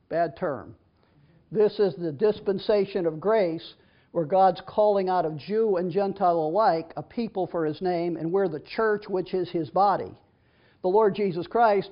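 A man teaching from the Bible, reading verses aloud and then explaining them in a chatty, conversational way. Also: high voice. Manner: reads scripture then explains it in a casual, chatty way with restarts. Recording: dull lo-fi recording.

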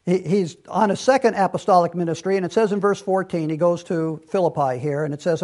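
A man's voice: high voice, fairly even intonation, a little fast, few pauses, a little mellow. A man preaching a Bible lesson in an earnest, conversational way, often restarting his sentences and adding asides. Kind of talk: sermon-style Bible teaching.

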